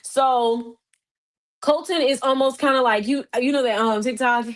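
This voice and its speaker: A woman hosting a podcast, giving a casual recap in an animated, chatty way, full of fillers and restarts, her voice jumping higher when she gets excited. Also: a little slow. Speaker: podcast host.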